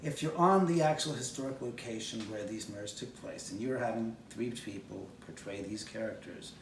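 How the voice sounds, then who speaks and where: A man's voice: mid-range voice, a little hiss or hum. A man who owns a house and produces films tells an anecdote on location outdoors. He tells it with energy and acts out the voices of the people in his story. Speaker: homeowner and film producer. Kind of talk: casual anecdote told on location. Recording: echoey, distant, with faint outdoor ambience.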